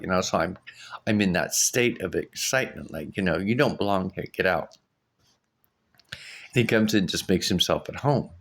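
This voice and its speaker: A middle-aged man tells a strange dream to his camera in a casual, rambling way. His voice sits fairly low but leaps up high whenever he acts out what he shouted, and he breaks into laughter often. The delivery is loose, excited and full of fillers. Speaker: vlogger. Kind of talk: casual storytelling.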